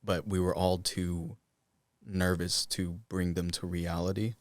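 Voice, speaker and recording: A man's voice: deep voice, little pitch movement, measured pace, no room sound, studio quality. A young man from the Cherokee Nation, a voice actor guest chatting casually in an interview, with loose talk full of "like"s. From Cherokee Nation, Oklahoma. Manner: loose, filler-heavy talk, many "like"s.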